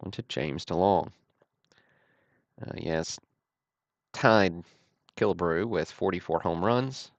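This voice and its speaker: A man hosting a livestream, calling out trading cards one after another in a steady, matter-of-fact way with dry self-deprecating asides. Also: low voice, slow pace, pauses often, dry recording. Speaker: host of a card-break livestream.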